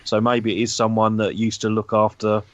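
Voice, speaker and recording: A man hosting a radio chat, answering in a hesitant, halting way. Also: lowish voice, monotone. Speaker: radio show host. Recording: dull lo-fi remote line.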